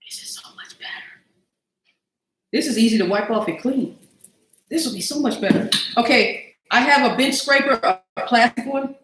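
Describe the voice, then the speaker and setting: A woman's voice: on the high side, moderate pace, a bit bright, reverberant, low-quality recording. Chatty woman cooking on a livestream. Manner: chatty, talks to viewers as y'all, thinks aloud while cooking. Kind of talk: casual cooking livestream chat. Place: home kitchen.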